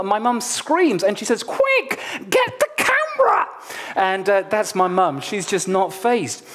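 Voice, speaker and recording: A man from Nigeria preaching a sermon, telling personal stories with humor and addressing the congregation directly. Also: sits high.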